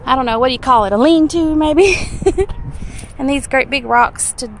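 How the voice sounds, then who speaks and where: A woman's voice: high-pitched, normal speed, rough recording. A woman narrates a handheld vlog in an outdoor garden. She chats, laughs often and coos sing-song at a toddler. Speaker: parent or caregiver filming a walk. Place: outdoor garden on a windy day. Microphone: handheld camera mic. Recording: wind noise on an outdoor camera mic.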